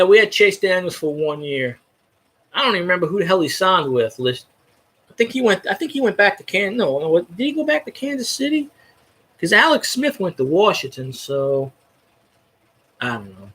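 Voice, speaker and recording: Husky, foul-mouthed ranting man. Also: fairly high pitch, fairly bright tone. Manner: profane, blunt, rambling with restarts. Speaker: sports fan commentator. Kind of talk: casual ranting sports chat.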